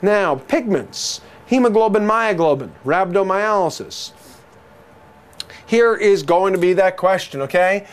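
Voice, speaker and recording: A male lecturer with a notably high voice for a man, teaching with theatrical flair. He fires rhetorical questions at his listeners, repeats the answers for emphasis, and drops jokes between the facts. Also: a bit bright. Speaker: medical exam review lecturer. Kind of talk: jokey recorded lecture.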